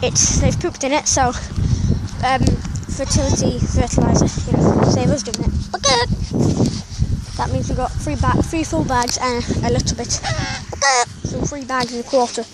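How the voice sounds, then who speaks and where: High-pitched woman vlogging on a farm, rambly and chatty, loud outdoor noise and animals behind. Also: fairly even intonation, normal speed. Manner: rambling, self-correcting, chatty. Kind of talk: casual vlog chat. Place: outdoors on a farm among chickens. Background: loud outdoor noise and animal sounds.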